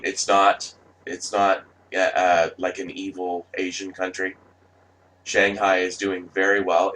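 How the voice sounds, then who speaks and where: A man with a fairly low voice rants on camera, rambling and swearing freely. He stumbles through restarts and fillers as his points pile up. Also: a bit bright, rough recording. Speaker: vlogger. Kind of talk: ranting monologue.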